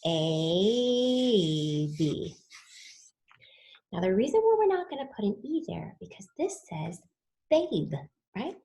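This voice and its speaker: A woman's voice: sits high, wildly swooping pitch, quick pace, vocal fry, hardly any pauses, dark tone, roomy sound. A woman teaching a spelling lesson to children, patiently sounding words out letter by letter.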